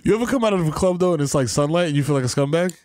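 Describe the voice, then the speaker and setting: A man with a New York accent, co-hosting a podcast, excitable and slangy, acting out quotes. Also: on the high side, no echo. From the Bronx, New York. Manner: excitable, slangy, quick to laugh, acts out quotes. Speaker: podcast co-host. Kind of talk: casual comedic banter. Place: studio.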